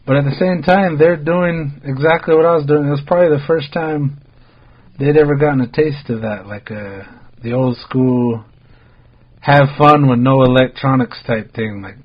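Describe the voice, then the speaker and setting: A relaxed American man hosting a podcast, spinning a long story in easy, meandering chat. His talk is loose and profane, packed with "like" fillers, at a middle pitch. The audio sounds a little muffled and dull. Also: normal speed. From United States. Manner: laid-back, rambling, heavy on "like" fillers and swearing. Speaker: podcast host.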